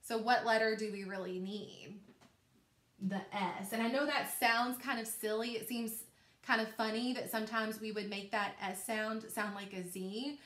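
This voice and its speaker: A woman teaching a recorded phonics lesson to young children, slow and encouraging, stretching out each sound. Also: a little high, level tone, a bit bright, roomy sound.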